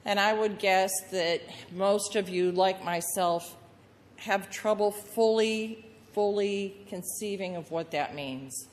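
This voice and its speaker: A woman pastor preaching a sermon, telling the story lively and acting out the voices of the people in it. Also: medium pitch, takes it slowly, long reverb tail. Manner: storytelling with acted-out voices of the crowd and Jesus.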